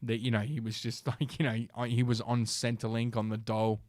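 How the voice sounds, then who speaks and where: A man's voice: mid-range voice, little pitch movement, a little fast, a little mellow, no room sound, clean studio sound. A man with an Australian accent, hosting a livestream and telling a rambling, profane story full of fillers and restarts. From South Australia, Australia. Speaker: podcast host.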